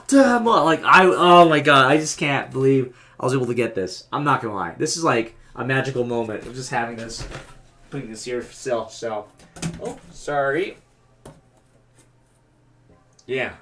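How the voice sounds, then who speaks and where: A man casually narrating his vlog, excited and rambling with lots of fillers. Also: medium pitch. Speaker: vlogger.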